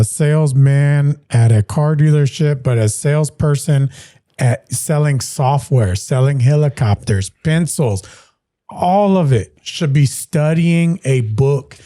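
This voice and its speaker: A man hosting a business interview podcast, talking in a relaxed, agreeable way and backing his guest with short replies. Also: medium pitch, no room sound, studio quality. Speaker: podcast host. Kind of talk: casual interview chat.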